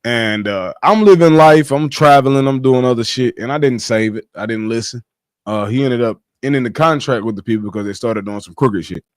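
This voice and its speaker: Animated slangy man telling a story. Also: mid-range voice, fairly quick, no echo, clean studio sound. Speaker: livestream trader telling his story. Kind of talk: casual livestream chat.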